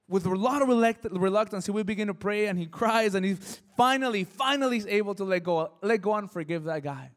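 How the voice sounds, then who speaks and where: Man, preacher, high voice, from Mexico, storytelling sermon, animated. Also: moderate pace. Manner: animated, shifting from hushed to loud and emotional.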